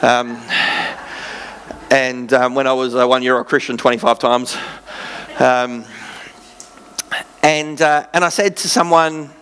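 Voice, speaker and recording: A man's voice: medium pitch, steady tone, slow, pauses often, fairly bright tone, clean tone. An Australian man, a pastor, preaching a sermon in an earnest, conversational way with self-deprecating asides.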